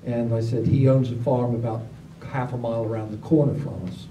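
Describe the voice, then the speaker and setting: Man, very dark timbre, animated storyteller, roomy and distant recording with faint noise. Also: medium pitch, brisk. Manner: animated, acts out other people's lines in raised voices. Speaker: storyteller at a gathering. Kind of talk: casual spoken storytelling.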